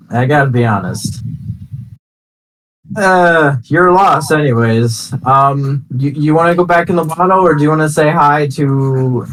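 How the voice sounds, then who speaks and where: A man's voice: a little high, a little slow, fairly bright tone, low-quality recording. A man playing a tabletop role-playing game in character, joking playfully. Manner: playful and jokey, with frequent laughs and restarts.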